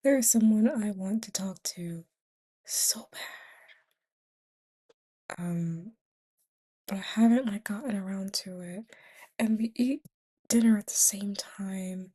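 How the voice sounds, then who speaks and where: A woman's voice: medium pitch, slow pace, long pauses, warm tone, slightly rough. A tired young woman vlogging in a casual, rambling way, often dropping to a whisper between fillers. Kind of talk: casual confessional chat.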